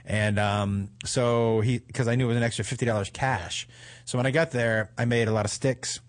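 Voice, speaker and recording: A man hosting a talk show, telling comic stories in a profane, animated way and laughing through them. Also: medium pitch, normal speed. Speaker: host. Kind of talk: comedic storytelling on a talk show.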